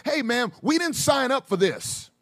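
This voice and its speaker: High-voiced male preacher, dry close sound. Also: big pitch swings, unhurried, no room sound. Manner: preaching with many ums, swinging from low murmurs to loud calls. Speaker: pastor. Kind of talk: sermon.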